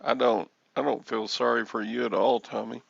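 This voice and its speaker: A man's voice: mid-range voice, fairly even intonation, normal speed, creaky, slightly rough, no echo, lo-fi sound. A man in his sixties hosting a reseller livestream, rambling and joking as he answers chat comments. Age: 60s.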